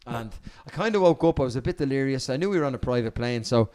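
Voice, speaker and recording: Fast-talking Irish man telling stories. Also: medium pitch, clear, resonant tone. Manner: lively, cheeky storyteller, swears freely. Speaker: guest. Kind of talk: casual anecdote telling.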